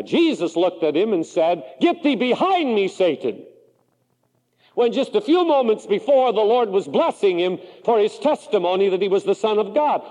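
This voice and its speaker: A man from the Pacific Northwest preaching a sermon, with a high, lively voice that swings dramatically, recorded in a church sanctuary with long reverb.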